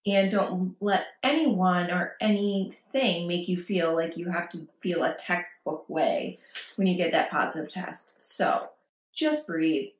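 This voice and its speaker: A woman's voice: on the low side, slow. A woman vlogging parenting advice, talking casually and reassuringly to camera and acting out worried quotes. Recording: echoey room.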